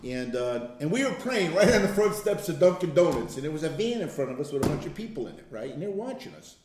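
A man talking casually to a group, telling stories and stressing points with slow, emphatic words. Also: on the high side, sing-song, background noise. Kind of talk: casual testimony talk. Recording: echoey room.

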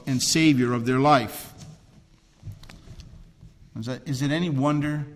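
A man preaching a sermon as pastor, swinging between loud emphatic cries and hushed, low, drawn-out phrases. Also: big-room sound.

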